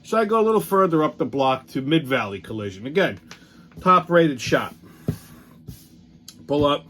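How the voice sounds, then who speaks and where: A man's voice: fairly high pitch, animated, moderate pace, fairly bright tone. A man, hosting a show and telling a rambling, profane story about his aggravation. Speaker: host. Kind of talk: casual storytelling rant.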